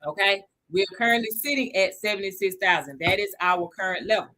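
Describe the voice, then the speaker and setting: A woman's voice: mid-range voice, fairly quick, bright, forceful tone. A woman hosting a livestream lesson for beginners. She talks casually, greets viewers by name between points, repeats the key figures and checks that everyone follows. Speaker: crypto educator hosting a livestream.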